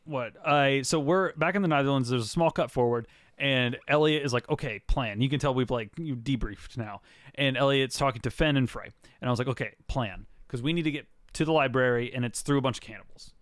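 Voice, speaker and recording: A man with a smooth, clear voice tells a story in a loose, rambling way, laughing along with it. He is recorded close and dry in a casual podcast chat. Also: medium pitch, brisk, no room sound. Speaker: podcast co-host.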